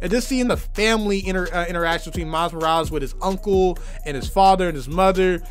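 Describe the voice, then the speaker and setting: A young man with a hoarse, worn-out voice giving an enthusiastic, rambling movie review full of fillers. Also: high voice, fast, soft background music. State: hoarse, tired voice. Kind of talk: casual movie review vlog.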